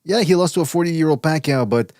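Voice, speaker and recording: A man's voice: fairly high pitch, quick pace, darkish tone, no room sound, studio quality. A man co-hosting a boxing podcast in casual chat, rambling with many stammers and restarts. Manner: rambling, stammers and restarts, mimics others' voices. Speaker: podcast co-host.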